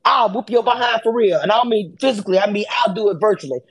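A woman hosting a casual live audio chat about reality TV, animated and sassy. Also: fast talker, husky. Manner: animated, sassy, acts out quotes with swings in pitch. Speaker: host of a reality TV discussion space.

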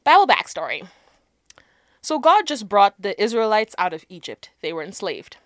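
A woman co-hosting a casual faith podcast, playful and animated, dropping into soft asides. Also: medium pitch, normal speed, no echo, studio quality. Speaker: podcast co-host.

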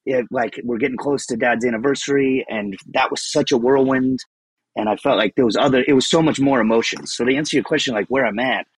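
A man with a husky voice and lively, swinging intonation talks in a candid interview. He rambles and turns self-deprecating, audibly emotional, in a dry, close sound. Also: mid-range voice, no echo. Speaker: podcast guest.

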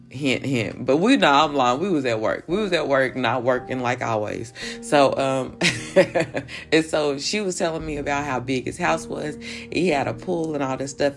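Soft music plays in the background as a podcast host talks at a moderate pace. Her voice is very deep. She keeps things casual, with playful asides and laughter.

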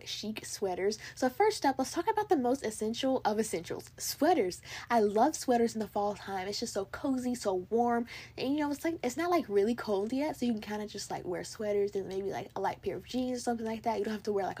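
Young American woman, bubbly solo podcast host, slightly high and husky, mellow tone. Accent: General American. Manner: bubbly, gushing, lots of "like" and "literally". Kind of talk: casual solo podcast chat.

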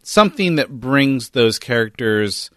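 Guy cohosting a podcast, calm and thoughtful, mid pitch, dry close mic. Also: measured pace, no echo. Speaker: podcast co-host. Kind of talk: casual discussion.

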